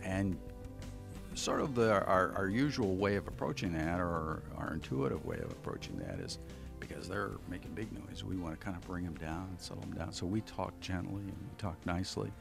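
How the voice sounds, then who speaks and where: A man's voice: sits low, expressive, a little fast, creaky, music in the background. A man who works as a communication trainer, giving an instructional talk in a folksy, conversational way with homely examples.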